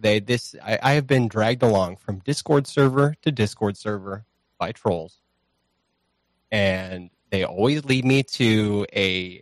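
Recorded on a home streaming mic with no echo, this lowish-voiced man chats casually as a podcast guest. His talk rambles loosely, full of profanity and self-deprecation.

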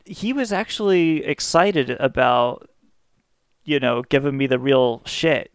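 A man's voice: medium pitch, slow, clean tone, no room sound, studio quality. A man co-hosting a podcast, telling stories in a wry way and mocking people by quoting them. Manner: wry storytelling with mocking quoted voices. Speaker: podcast co-host. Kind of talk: casual podcast chat.

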